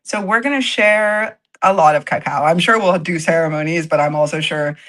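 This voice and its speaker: Lower-voiced woman chatting animatedly on a video call. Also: normal speed. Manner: animated, drops into Brazilian Portuguese phrases, laughs often. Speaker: retreat co-host and cacao facilitator. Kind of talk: casual live-stream chat.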